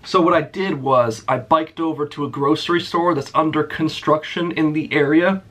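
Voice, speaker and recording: Here a young man recounts an old job for his YouTube audience in a sarcastic storytime rant, swearing frequently and speaking bluntly. His voice is a little high and a bit bright, with a steady tone at a moderate pace.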